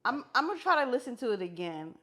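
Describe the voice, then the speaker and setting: Woman co-host with a lively pitch. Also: quick pace. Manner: teasing, playful, laughs often. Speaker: podcast co-host. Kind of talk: casual chat.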